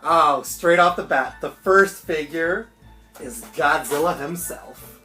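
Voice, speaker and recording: A man chatting excitedly and swearing casually through a home unboxing vlog. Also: on the high side, takes it slowly. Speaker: toy collector vlogger. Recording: roomy echo, faint background music.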